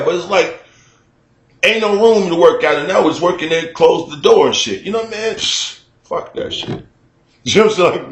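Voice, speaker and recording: A man telling a story to his camera in a casual, animated, profane way, acting out shouts at a neighbor, recorded in a room at home. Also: on the high side, echoey room. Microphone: camera mic.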